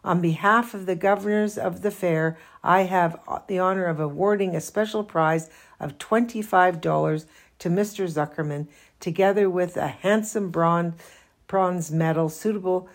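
A woman reading aloud voices a male fair announcer speaking over a loudspeaker, formal and oratorical. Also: fairly low pitch.

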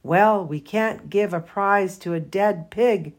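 A woman reading aloud voices a male fair announcer speaking over a loudspeaker, formal and oratorical. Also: mid-range voice, slow pace. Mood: alarmed.

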